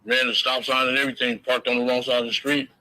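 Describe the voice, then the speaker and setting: A man gives an interview with an easy, laid-back delivery. His talk is slangy and full of curses. His voice has a strikingly bright, forward edge and sits at a mid pitch. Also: little pitch movement, fast talker, rough recording. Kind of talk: casual storytelling.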